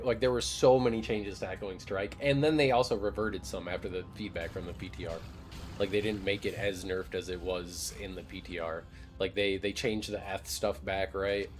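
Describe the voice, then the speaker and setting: A man's voice: fairly low pitch, moderate pace, soft background music. A young man chatting casually with his live stream audience, loose and joking, with frequent swearing. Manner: loose, profane, joking banter with chat. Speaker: game streamer.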